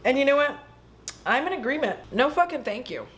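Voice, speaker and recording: A woman hosting a casual vlog, retelling a film in an animated, profane storytelling way. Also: a little high, a little slow. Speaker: host. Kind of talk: casual movie recap vlog.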